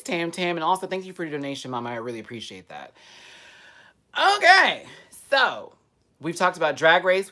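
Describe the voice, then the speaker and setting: A man hosting a live stream, chatting casually and answering viewer comments with a sassy, playful manner. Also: on the high side. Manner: sassy, playful and animated, with frequent laughs.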